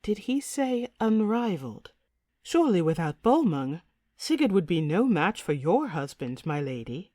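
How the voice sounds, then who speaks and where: Woman doing a sly hushed shield maiden, dry close sound. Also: lowish voice, big pitch swings, measured pace, no echo.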